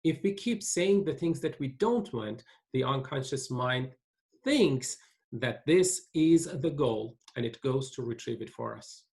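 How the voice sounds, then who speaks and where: A man's voice: medium pitch, expressive, measured pace, creaky, a little mellow. A man presenting a teaching webinar, talking earnestly with frequent restarts and repeated points.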